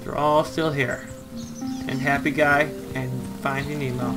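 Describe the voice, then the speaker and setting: A man giving casual, excitable running commentary while playing a game, talking to himself and swearing mildly. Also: medium pitch, unhurried. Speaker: let's play host. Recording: clear music playing behind.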